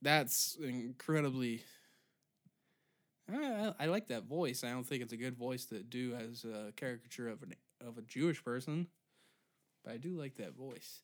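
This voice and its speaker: A young man in his twenties rants alone into the mic, sarcastic and profane. His pitch sits mid-range for a man, swinging from loud outbursts to low mutters. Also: moderate pace. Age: 20s. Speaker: podcast host. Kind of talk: solo comedic rant.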